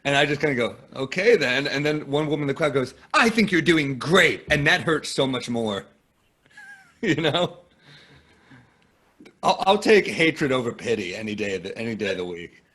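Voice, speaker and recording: A man's voice: medium pitch, moderate pace, pauses often. A man from the United States, a guest comedian, telling self-deprecating stories in casual conversation. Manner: self-deprecating, lively storytelling.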